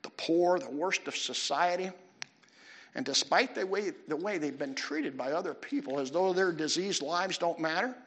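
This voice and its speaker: A man preaching a sermon with animated delivery, putting questions to his listeners. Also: a little high, normal speed. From United States. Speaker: pastor.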